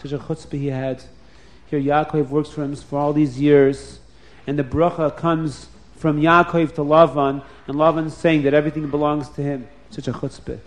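A man narrates a story to children with lively, dramatic expression, often turning to speak to them directly. His voice sits slightly high for a man. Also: normal speed.

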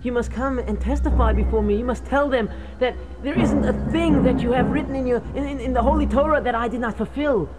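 A woman voicing an anxious elderly male prophet, lowering her voice as he frets and pleads. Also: fairly quick, few pauses, lightly acted. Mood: worried. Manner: anxious, wondering, earnest.

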